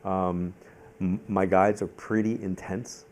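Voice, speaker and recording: Fast-talking deep-voiced man. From Long Island, New York. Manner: animated storyteller, acts out quoted voices; talks fast and repeats himself when in the zone. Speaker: psychic-medium guest. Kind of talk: live onstage conversation.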